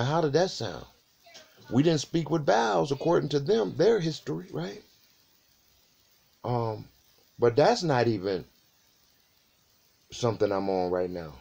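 Gravelly guy, rambling rant, lots of rhetorical questions, voice jumps all over. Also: mid-range voice, a little mellow. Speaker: video channel host. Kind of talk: casual monologue to camera.

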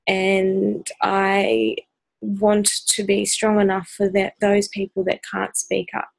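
A woman's voice: mid-range voice, slow, vocal fry, no room sound, poor audio. An Australian woman vlogging straight to camera, earnest and hesitant with many ums, sounding exhausted. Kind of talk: personal talk to camera.

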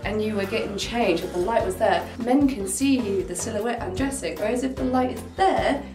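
A woman's voice: medium pitch, normal speed, recorded from a distance. A woman chatting casually with a friend at home, playful and teasing. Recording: roomy room with loud music.

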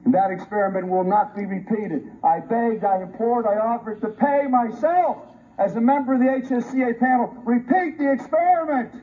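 Speaking at a moderate pace in an extremely high pitch, this man is a forensic pathologist serving on a review panel. He delivers a combative, sarcastic, emphatic debate speech to a colleague in a heated public setting, captured on a muffled lo-fi archive recording with faint hiss.

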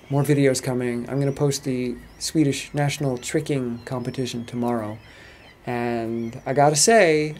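An American man talking casually to camera as a travel vlogger, chatty and relaxed. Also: mid-range voice. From United States. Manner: relaxed, chatty storytelling with laughs. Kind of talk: casual vlog commentary.

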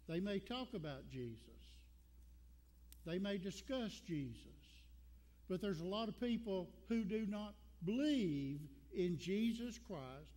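High-voiced Southern preacher in a reverberant church. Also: male voice, a little mellow. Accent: Southern American. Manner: folksy storytelling preacher, repeats for emphasis. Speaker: pastor. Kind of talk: sermon. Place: church sanctuary.

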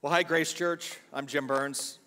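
A man's voice: fairly high pitch, steady tone, unhurried, sharp tone, big-room sound. An older man, a guest pastor, preaching a sermon full of chatty, humorous family stories in a church. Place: church sanctuary.

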